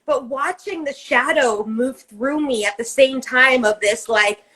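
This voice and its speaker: A woman with a slightly high voice talks in relaxed podcast chat. She rambles through a personal story with heavy emphasis and frequent swearing. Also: a little slow, rough recording. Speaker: co-host.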